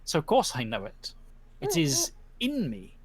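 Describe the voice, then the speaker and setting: A man's voice: on the high side, huge pitch swings, a little slow. A man voicing a ten-foot three-headed horse spirit that talks in a blunt, folksy way with sudden threats. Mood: proud.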